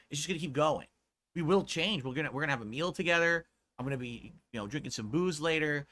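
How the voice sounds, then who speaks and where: Male live streamer, sore throat, subdued and laid back but blunt and profane; slightly high, bright voice. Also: quick pace, soft background music. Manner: laid back, talking lower than usual; blunt and profane when scolding chat. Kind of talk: casual stream talk to chat.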